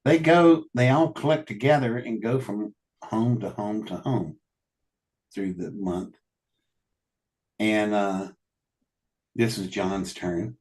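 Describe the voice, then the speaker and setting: Low-voiced guy spinning party stories, laughs a lot, acts out the quotes. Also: takes it slowly, long pauses. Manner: animated anecdotes, laughs often, quotes people. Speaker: guest telling stories. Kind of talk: casual storytelling.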